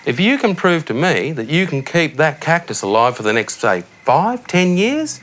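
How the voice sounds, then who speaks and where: An actor with an Australian accent, his voice on the high side, a bit bright and sing-song at normal speed, performs with a little hiss or hum in the audio. The TV sketch casts him as a cheerful, careless, tactless suburban dad tucking his son into bed at night and calling him mate.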